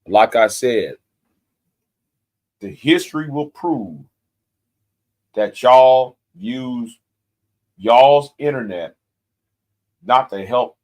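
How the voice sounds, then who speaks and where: In an extremely slow rant broken by long pauses, a YouTube commentator in his forties angrily threatens and curses at the camera, repeating himself for emphasis. His mid-range voice is expressive with a darkish tone.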